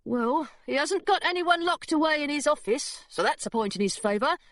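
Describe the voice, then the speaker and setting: A woman's voice: high voice, expressive, normal speed, dry recording, voice pushed up. A woman voicing a sensible young boy pirate who talks in a matter-of-fact way.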